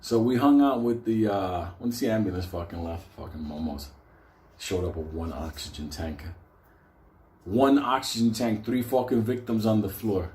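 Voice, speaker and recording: A man's voice: on the low side, fairly even intonation, moderate pace, darkish tone, roomy sound. A man telling a story casually, swearing constantly and laughing between lines. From New York.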